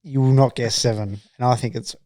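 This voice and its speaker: Aussie male co-host, dry close sound, deadpan list reading. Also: medium pitch, brisk, dry recording. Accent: Australian. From Australia. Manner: dry, reads out list items. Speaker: podcast co-host. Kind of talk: casual chat.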